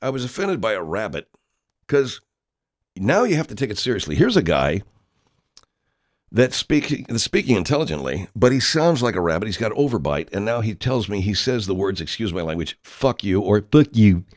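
A man hosting a comic monologue as a horror filmmaker, rambling and interrupting himself while spinning deadpan tall tales. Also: lowish voice, fairly quick, no echo, studio quality. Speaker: horror filmmaker persona, show host.

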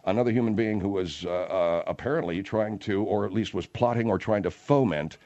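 A man hosting a comedy talk radio show, brisk in promos and exasperated in banter. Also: on the low side, a little mellow, lo-fi sound.

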